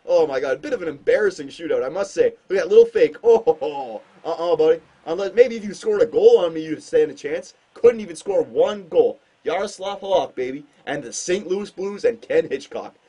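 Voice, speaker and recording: A man doing casual gameplay commentary on a hockey shootout, excitable and self-mocking, with sudden outbursts. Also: fairly high pitch, fairly quick, few pauses, husky, dull audio. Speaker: gaming commentator.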